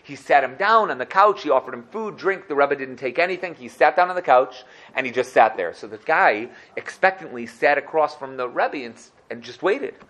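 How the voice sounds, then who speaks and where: A man teaching a religious class, telling a story in a conversational, animated way and often checking in with the listeners. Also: mid-range voice, fairly quick, hardly any pauses.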